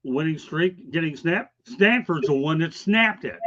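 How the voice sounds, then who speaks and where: A man's voice: a little high, lively intonation, measured pace, a bit bright, highs cut off. A man hosting a sports talk show, casual and emphatic, pushing his opinions hard. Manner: emphatic, opinionated, keeps saying okay.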